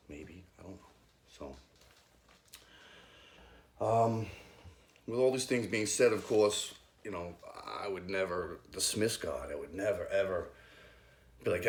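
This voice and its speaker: Youth leader, man, low voice, hesitant and nervous, recorded in a roomy space. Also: expressive, slight background noise. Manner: hesitant, halting, many ums. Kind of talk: personal faith testimony.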